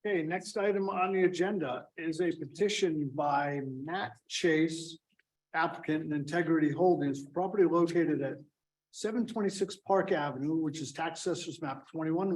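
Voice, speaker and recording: A man's voice: a little high, normal speed, poor audio. A man chairing a town zoning board meeting, reading out agenda items and calling on members to vote.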